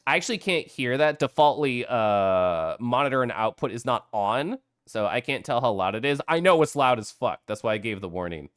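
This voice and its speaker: A man from the Midwest, hoarse, chatting casually and profanely on a livestream. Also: medium pitch, animated, normal speed, hardly any pauses, dry recording, clean studio sound. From American Midwest. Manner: loose, profane and chatty with frequent laughs. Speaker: streamer.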